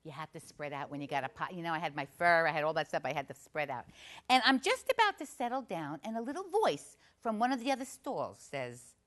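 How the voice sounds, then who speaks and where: A woman's voice: sits low, sing-song, fairly quick, a bit bright. A woman playing a brash, chatty Italian-American aunt from northern New Jersey, telling a comic story in a confiding way with a New Jersey accent. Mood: gabbing. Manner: chatty, confiding, asks the audience questions.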